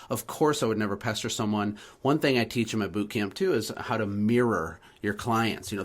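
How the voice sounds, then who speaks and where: A man hosting a podcast, speaking confidently and teacherly as a business coach. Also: mid-range voice. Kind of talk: coaching talk in a podcast conversation.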